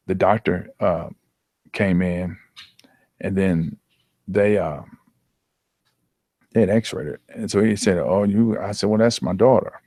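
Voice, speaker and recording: A man recounts a hard memory, earnest and halting, often starting his sentences over. His voice sits low. The sound is dry and close, with no room around it. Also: darkish tone, no echo. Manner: earnest, halting with repeated restarts. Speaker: athletic trainer, guest. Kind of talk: emotional personal storytelling.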